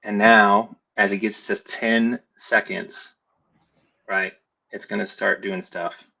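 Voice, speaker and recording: Male tutor, low gravelly voice, muffled lo-fi mic, mutters through his steps. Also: little pitch movement, slow pace, sharp tone. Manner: thinks aloud while building, talks to himself. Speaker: FlutterFlow trainer. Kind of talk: casual screen-share tutorial.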